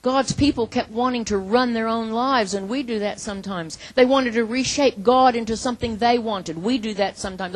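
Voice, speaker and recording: A woman preaching a sermon in an earnest, emphatic way, acting out imagined prayers and dropping from loud to hushed. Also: on the high side, moderate pace, hardly any pauses, poor audio.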